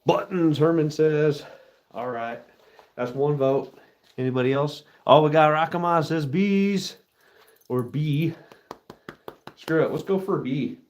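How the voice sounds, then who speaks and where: A man's voice: on the high side, measured pace, long pauses, darkish tone. A man casually chatting with his live-stream viewers while he works, laid-back and chatty. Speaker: livestream host pouring metal.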